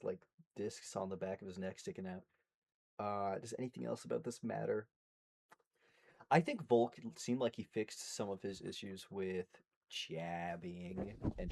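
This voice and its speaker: A young man talks through a fight card in a loose, rambling way, swearing freely and cutting himself off mid-sentence. His voice sits fairly low. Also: vocal fry, dark tone, slightly rough. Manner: profane, rambling, self-interrupting. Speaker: MMA commentary YouTuber. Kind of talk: casual fight recap monologue.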